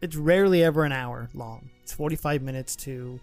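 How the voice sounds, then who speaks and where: A man co-hosting a casual podcast, chatty and quick to laugh, with frequent restarts. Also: mid-range voice, darkish tone, soft background music. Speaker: podcast co-host. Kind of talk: casual chat.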